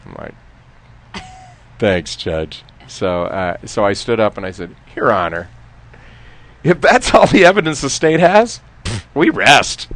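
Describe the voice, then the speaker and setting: Laughing man with a low voice. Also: animated, measured pace. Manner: laughing, trails off quietly. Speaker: former defense lawyer telling stories. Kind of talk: casual storytelling chat.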